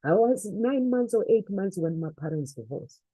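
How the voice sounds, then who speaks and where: A woman's voice: mid-range voice, animated, normal speed, warm tone, dry recording, poor audio. A woman giving an earnest, faith-based motivational talk, repeating phrases for emphasis. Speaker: motivational speaker.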